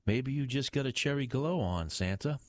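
A man's voice: mid-range voice, animated, moderate pace, no room sound, pitched above the performer's own voice, lightly acted. A man doing a cheeky, teasing police sergeant. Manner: teasing and jokey. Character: cheeky, amused younger male police sergeant. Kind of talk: audiobook character voice.

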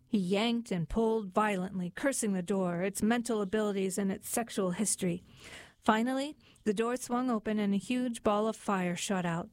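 A woman narrating a satirical storybook in a dry, deadpan reading. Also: medium pitch, dry recording.

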